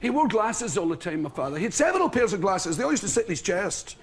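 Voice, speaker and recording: A man's voice: high voice, big pitch swings, fast, slight background noise. A Scottish man telling comic stories as a talk show guest, laughing through them. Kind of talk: comic storytelling. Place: television studio with audience.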